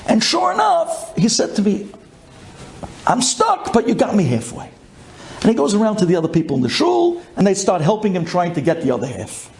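A man from Brooklyn, telling a personal story with excitement, dropping low and then bursting into shouts. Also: fairly quick, gravelly, slight background noise. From Brooklyn, USA. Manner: excitable, swings from hushed to shouting.

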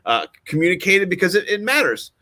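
Chatty man with a fairly high voice. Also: big pitch swings, a little fast, sharp tone. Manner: rambling, jokey and chatty. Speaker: fantasy football co-host. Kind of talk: casual sports chat.

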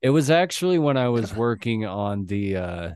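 A man's voice: lowish voice, sing-song, normal speed, a little mellow, clean tone, dry recording, studio quality. A young man hosting a podcast in casual chat, telling stories loosely with lots of fillers and laughs. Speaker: podcast host.

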